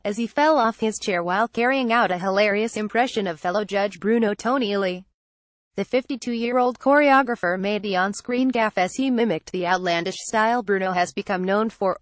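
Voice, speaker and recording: A woman reads out a news article in a steady, uninflected delivery. Her voice sits at an ordinary middle pitch and sounds close and dry, with no room around it. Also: no echo. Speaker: news reader. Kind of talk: reading an online article aloud.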